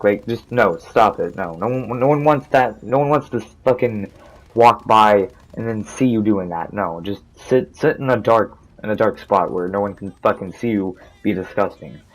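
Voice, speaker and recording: A man's voice: mid-range voice, rough recording. Swearing young man ranting a storytime. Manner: angry, rambling, swears constantly, many restarts. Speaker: vlogger. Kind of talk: profane casual storytime rant.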